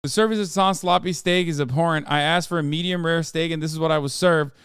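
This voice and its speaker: A man hosting a livestream in casual chat, reading viewer posts aloud in an offhand, sarcastic way with loud outbursts. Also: on the high side, fairly even intonation, fast, smooth, no echo, clean studio sound. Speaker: livestream host.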